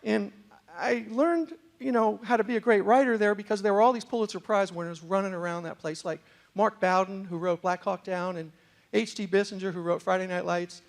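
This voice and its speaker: A middle-aged man tells a comic story to a university crowd. His voice sits high for a man and has a gravelly edge. His accent mixes New York with West Virginia, and he jumps into other people's voices with lively comic timing. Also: brisk. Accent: mixed New York and West Virginia. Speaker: storyteller and motivational speaker. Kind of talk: humorous storytelling talk. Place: university lecture hall with a live audience.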